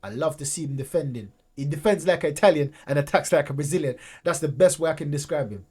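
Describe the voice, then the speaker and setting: A man hosting a fan channel, commenting casually and excitedly over highlight clips, often repeating himself and restarting sentences. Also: fast talker, husky. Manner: excitable, repeats phrases, many restarts and fillers. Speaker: football fan channel host.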